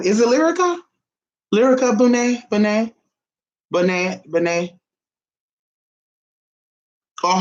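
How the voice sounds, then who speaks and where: Lively gossiping man chatting to viewers. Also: fairly high pitch, rough recording. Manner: chatty, gossipy, addresses viewers as y'all and honey; swings from soft asides to loud exclamations. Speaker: vlogger. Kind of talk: casual chat to viewers.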